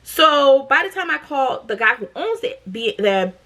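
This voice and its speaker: A woman in her thirties from Massachusetts telling a storytime to camera in a blunt, profane, animated way. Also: sits high, normal speed. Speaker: storytime vlogger.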